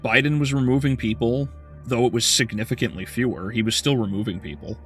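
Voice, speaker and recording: A man's voice: mid-range voice, brisk, a bit bright, faint music behind. A male game streamer in casual livestream chat, ranting heatedly with profanity and frequent stumbling restarts.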